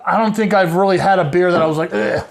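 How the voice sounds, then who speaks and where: A man's voice: high voice, fairly even intonation, racing. A middle-aged man hosting a casual beer review at home, chatty and joking with rambling asides. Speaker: show host.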